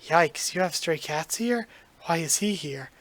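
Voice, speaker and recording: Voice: medium pitch, expressive, a little slow, a bit bright. Nemu: a reader doing a flustered young witch girl from a manga, frets and plots in an anxious, rambling inner voice. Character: flustered young witch woman who is secretly a cat.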